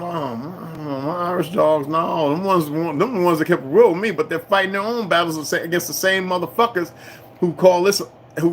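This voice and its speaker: A man's voice: fairly high pitch, fairly bright tone, a little hiss or hum, low-quality recording. Profane rambling man ranting on a livestream. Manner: profane, emphatic, loose and digressive. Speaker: livestream host reading viewer comments. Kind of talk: rambling casual rant to live viewers.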